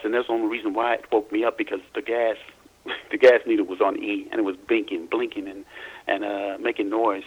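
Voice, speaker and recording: Husky-voiced man telling his story haltingly. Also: fairly low pitch, steady tone, dull audio. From Louisiana, US. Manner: halting, repeats and restarts words. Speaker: interview guest. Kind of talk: recounting personal experiences.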